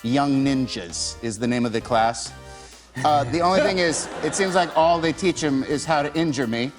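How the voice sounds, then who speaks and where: A man's voice: mid-range voice, moderate pace, music in the background. A man telling a wry, comic anecdote as a talk show guest.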